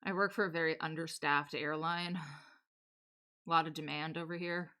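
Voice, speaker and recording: A woman in her twenties streaming a life-sim game, chatting casually and telling animated stories, laughing often and acting out quoted lines. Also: low voice, moderate pace, clear, resonant tone. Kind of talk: casual live-stream chat while building. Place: home streaming setup.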